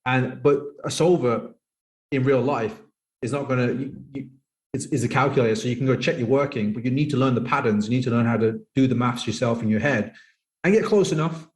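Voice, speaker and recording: A man, a poker coach speaking as a podcast guest in casual conversation, acting out other people's lines as quotes. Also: medium pitch. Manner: fast-talking, acts out others' lines in quoted voices. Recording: roomy echo.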